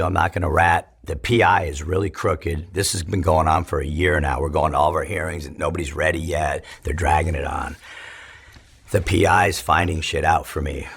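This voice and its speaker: A man's voice: low-pitched, a bit bright, slightly rough. A man from California telling his life story in an interview, in a casual, profane, rambling way with many restarts.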